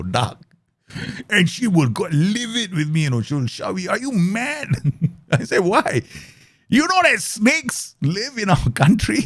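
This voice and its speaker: Animated man streaming. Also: mid-range voice, no echo, studio quality. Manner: animated, laughs often, mimics voices in stories. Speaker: game streamer. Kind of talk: live football manager gameplay commentary with chat.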